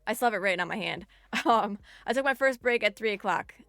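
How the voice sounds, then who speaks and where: A young woman streaming live, telling a story in an animated, chatty way with lots of "like". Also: mid-range voice, quick pace, no room sound.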